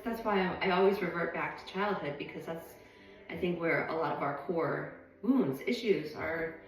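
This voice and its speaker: A woman's voice: lowish voice, recorded from a distance. Rambling woman in an echoey room. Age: adult. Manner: meandering, reflective, many ums. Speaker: vlogger. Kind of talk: casual rambling monologue. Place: at home. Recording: echoey room, voice off-mic, faint music.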